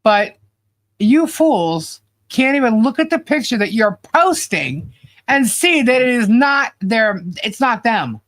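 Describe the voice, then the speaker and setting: A woman's voice: on the high side, very animated, takes it slowly. Exasperated woman ranting on a live stream. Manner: exasperated, sarcastic, laughs often. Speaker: podcast co-host. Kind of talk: casual live-stream chat.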